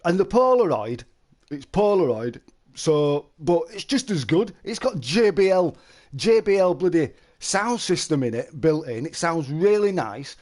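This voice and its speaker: Chatty man, slightly high. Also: big pitch swings, measured pace, darkish tone. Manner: chatty, storytelling, calls listeners mate. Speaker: live streamer. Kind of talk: casual live-stream chat.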